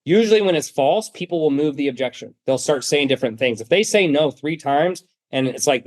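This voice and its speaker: A man's voice: on the high side, expressive, a little fast, hardly any pauses, a little mellow. A man coaching on sales in a blunt, emphatic way, acting out bits of customer dialogue as he teaches. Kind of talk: sales training talk.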